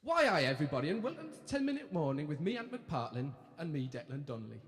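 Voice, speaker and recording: A man's voice: a little high, sing-song, fast, fairly bright tone. A man putting on the voice of a pair of chirpy young male TV presenters, with a Geordie accent and a brash, sweary, mock-cheerful delivery. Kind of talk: live comic impression. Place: live venue stage. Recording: echoey hall with crowd laughter.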